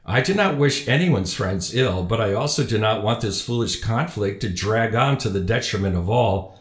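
A man's voice: fairly low pitch, lively intonation, normal speed, echoey room, lightly acted. A man voicing a pompous older loyalist father who gloats triumphantly in a storybook reading.

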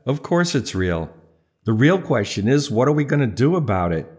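A man's voice: mid-range voice, big pitch swings, moderate pace, a little mellow, lightly acted. A man reading an audiobook, voicing an insistent, wheedling young man in a story. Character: young man, pushy eager friend.

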